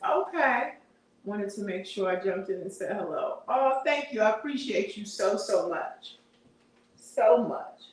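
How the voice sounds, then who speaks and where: A middle-aged woman hosts a casual livestream, chatting, laughing often and reading viewer comments aloud. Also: a little high. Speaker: livestream host. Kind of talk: casual live-stream chat. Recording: very echoey room, voice far from mic.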